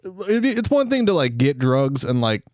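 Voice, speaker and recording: A man's voice: on the high side, big pitch swings, moderate pace, a little mellow, no echo. A young man co-hosting a casual podcast, rambling and swearing freely as he tells anecdotes. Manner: rambling, swears often, acts out quotes. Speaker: podcast co-host. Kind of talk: casual chat.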